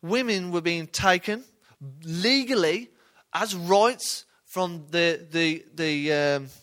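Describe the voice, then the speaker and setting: A man teaches the Bible informally and conversationally, often questioning the people listening. His voice sits high and a bit bright, and he speaks slowly.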